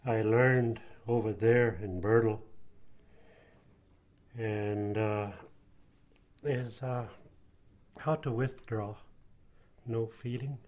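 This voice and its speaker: An older man giving personal testimony in an interview, speaking haltingly with many pauses and fillers. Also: lowish voice, a little mellow.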